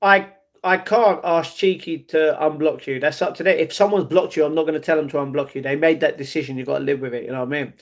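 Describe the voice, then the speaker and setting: A man's voice: a little high, steady tone, quick pace. A young man chatting casually on a livestream, reading and answering his chat, often adding "you know what I mean". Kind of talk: casual live-stream chat.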